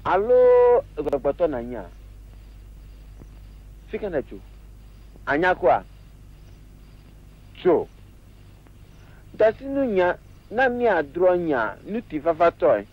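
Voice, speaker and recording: A man's voice: high-pitched, very animated, slow pace, long pauses, heavily acted. An actor playing a boastful trickster who blusters, threatens and coaxes, switching between languages, on dull old film sound. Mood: coaxing. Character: boastful trickster Ananse, sly adult man. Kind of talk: 1960s film acting.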